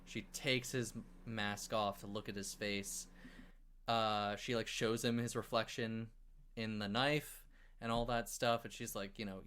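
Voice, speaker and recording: A man co-hosting a casual movie review podcast, recapping the plot in an animated way with swearing and acted-out quotes. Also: fairly low pitch, a little slow, smooth. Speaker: podcast co-host.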